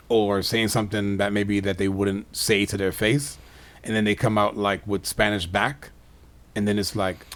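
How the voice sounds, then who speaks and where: A man co-hosting a podcast in casual chat, a father who laughs along and speeds up when he gets excited. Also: on the low side. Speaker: podcast co-host.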